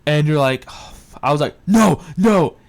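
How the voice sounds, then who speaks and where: A man casually recapping a film's plot for a review, excitable and quick to swear. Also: on the high side, smooth. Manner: excitable retelling, swears often. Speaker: movie reviewer.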